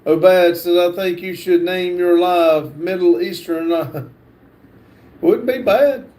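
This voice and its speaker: A man's voice: high voice, level tone, slow pace, a little mellow. A man hosting a casual livestream, reading viewers' comments aloud. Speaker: livestream host.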